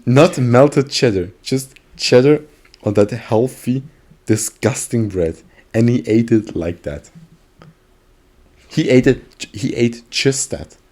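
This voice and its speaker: A man's voice: medium pitch, takes it slowly, darkish tone. A man co-hosting a podcast, telling a story in casual chat with frequent laughs and fillers. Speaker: podcast co-host.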